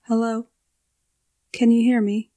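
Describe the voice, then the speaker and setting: Brief: woman reading a scared young woman in a storybook, low even voice with a mellow tone, calling out anxiously. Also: takes it slowly. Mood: wary. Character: frightened young woman lost in a dream.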